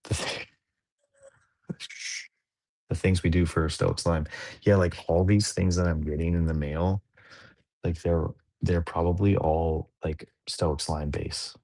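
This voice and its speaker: A man's voice: low voice, steady tone, slow pace, pauses often, a little mellow. A middle-aged man hosting a casual dad podcast, rambling and self-mocking as he tells stories about his day. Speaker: podcast host. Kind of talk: casual chat.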